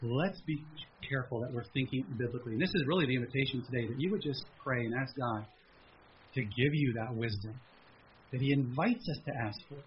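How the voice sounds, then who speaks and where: A man preaching a sermon as pastor at a church service, animated, with a raised pleading voice when he acts out prayers. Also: mid-range voice, brisk, dull audio, slight background noise.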